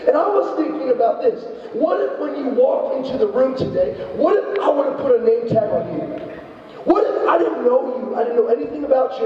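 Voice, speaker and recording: A young man giving an evangelistic talk to a high school club, telling stories and acting out the voices in them. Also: a little fast. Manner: animated storytelling with acted-out quotes. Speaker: youth speaker. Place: large high school room with a crowd of students. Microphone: distant from the recording device. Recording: echoey hall from far off, dull sound.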